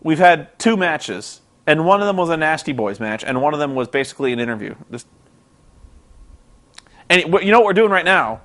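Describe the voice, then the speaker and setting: A man's voice: on the high side, big pitch swings, a little fast, fairly bright tone. A young man vlogging about a wrestling show, exasperated and sarcastic, rambling with restarts. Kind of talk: casual ranting commentary.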